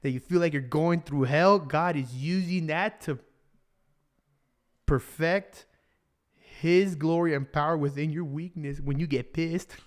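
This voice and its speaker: A man's voice: on the high side, measured pace. A young man preaching a casual sermon, slangy and joking, often laughing at his own jokes.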